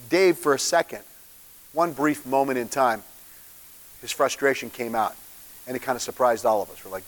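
A man's voice: medium pitch, moderate pace. A man, a pastor, giving an informal, conversational sermon and asking the congregation questions. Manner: informal, animated, asks the room questions. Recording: long hall reverb.

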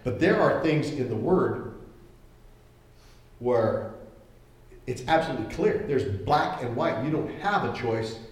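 A man preaching a sermon as pastor, conversational and animated, acting out the voices he quotes. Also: medium pitch, unhurried, long pauses. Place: church hall. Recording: echoey hall.

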